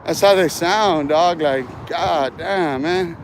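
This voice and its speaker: A man with a high-pitched voice delivers an aggressive, profane livestream rant while standing outside by a street. He talks into a handheld phone with faint traffic noise behind him. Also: slow. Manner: aggressive, profane trash talk. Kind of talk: confrontational outdoor livestream rant. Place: outdoors by a street.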